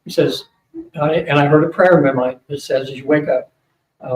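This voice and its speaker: An older man speaking at a psychic fair, telling a long rambling story to an audience, with many fillers and quick asides. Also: fairly high pitch, steady tone. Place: hotel event room. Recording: roomy, distant mic with faint hum.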